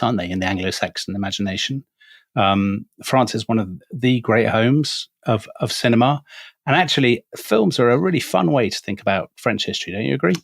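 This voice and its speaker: A man's voice: mid-range voice, gravelly, no room sound, clean studio sound. Jokey male podcast host. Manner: jokey, asks questions with lively rises. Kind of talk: casual chat.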